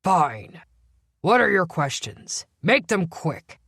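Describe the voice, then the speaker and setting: A woman voicing a gruff, growling old commander. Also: fairly low pitch, big pitch swings, slow pace, fairly bright tone, no echo, studio quality, heavily acted. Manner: defensive, curt, raises voice. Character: gruff older male police commander, irritable. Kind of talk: audiobook character voice.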